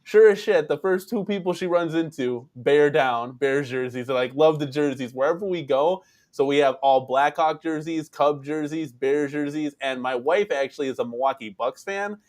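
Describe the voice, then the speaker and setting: A man in casual livestream chat, easygoing and laughing along as he tells a relaxed family story. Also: on the high side, moderate pace, few pauses.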